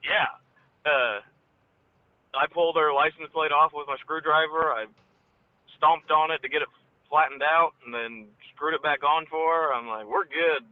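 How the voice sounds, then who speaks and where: A man's voice: normal speed, no room sound. A man calling in, telling rambling stories from his day and quoting the people he met. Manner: rambling anecdotes, quotes people in a higher voice. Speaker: caller. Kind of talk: casual storytelling. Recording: tinny phone line.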